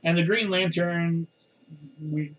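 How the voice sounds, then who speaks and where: A man's voice: fairly high pitch, takes it slowly, lo-fi sound. Middle-aged male podcast host, loose rambling delivery. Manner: rambling, animated, chuckles often. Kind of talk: casual chat.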